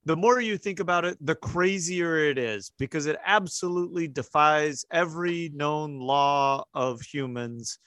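A man's voice: a little high, measured pace, few pauses, fairly bright tone, no room sound. A man as game master, narrating a tabletop game in a casual, explaining way.

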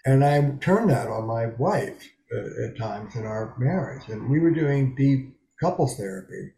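Gravelly man in his seventies, roomy sound. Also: medium pitch, lively intonation, unhurried, warm tone. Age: 70s. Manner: frank, emphatic, swears freely. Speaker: psychotherapist guest. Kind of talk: candid interview conversation. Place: small bedroom study in a rental.

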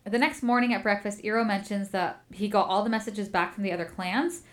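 A woman's voice: medium pitch, a little fast. A woman hosting a book podcast, chatting through a story recap and acting out the quotes. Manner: chatty, animated, acts out quotes.

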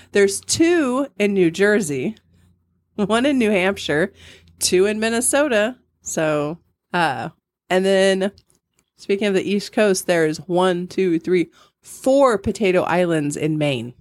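A woman's voice: mid-range voice, lively intonation, slow pace, dry recording, studio quality. A middle-aged woman co-hosting a podcast in casual chat, rambling and laughing often. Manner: chatty, giggly, rambling. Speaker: podcast co-host.

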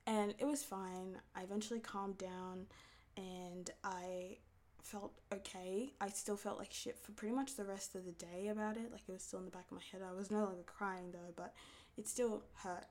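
A woman's voice: medium pitch, fairly even intonation, normal speed, warm tone. Young woman, casual advice talk, candid and rambling. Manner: candid, rambling, with many fillers. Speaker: video creator.

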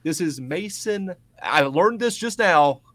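A chatty, enthusiastic man hosts a relaxed podcast interview. His voice sits a touch higher than most men's, and the recording is dry and close, with no room sound. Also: slow, dry recording. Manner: enthusiastic, chatty, loud greetings. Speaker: podcast host. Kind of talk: casual interview chat.

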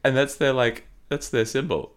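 A man co-hosting a podcast in casual comedic chat, playful and quick to laugh. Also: medium pitch, fairly even intonation, clean tone. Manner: playful, laughs often, riffs on jokes. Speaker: podcast co-host.

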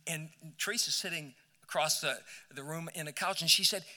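A man's voice: on the high side, brisk, pushed and bright. A man preaching a sermon, telling a story with many repeated words and rising to emphatic peaks. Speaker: pastor. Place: church sanctuary. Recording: church hall with long reverb.

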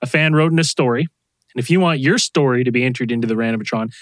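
A man hosting a podcast in a relaxed, casual way, with hesitant fillers as he reads from the chat. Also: medium pitch, fast, no room sound. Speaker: podcast host.

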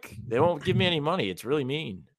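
A man's voice: on the high side, very animated, quick pace, no echo, studio quality. A man co-hosting a casual basketball podcast, talking in a loose, rambling, wry way. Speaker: sports writer and podcast co-host.

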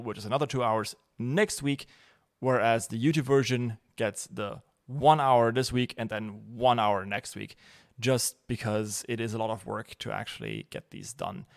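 Man from Germany, podcast host, casual and joking, mid-pitched voice. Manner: chatty, joking, filler-heavy.

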